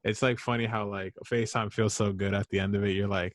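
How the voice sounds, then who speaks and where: Male co-host, low voice, teasing jokester on a video call. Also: flat delivery, quick pace, no echo. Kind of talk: casual chat over video call.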